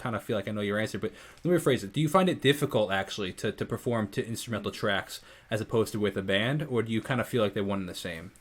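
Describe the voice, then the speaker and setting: Male host, talks fast, effusive and eager, rambling questioner. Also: lowish voice. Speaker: interview host. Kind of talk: casual interview chat.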